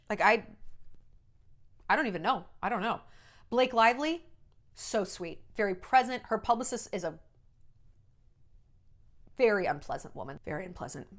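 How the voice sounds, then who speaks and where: A woman and former entertainment journalist giving a blunt, animated gossip monologue, often slipping into mocking voices. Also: mid-range voice. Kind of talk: casual celebrity gossip monologue.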